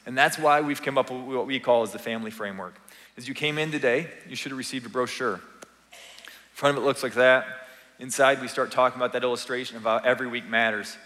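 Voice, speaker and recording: A man's voice: medium pitch, steady tone, a little fast, pushed and bright, big-room sound. A man speaking as a family pastor, giving an earnest, encouraging, conversational sermon. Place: church sanctuary.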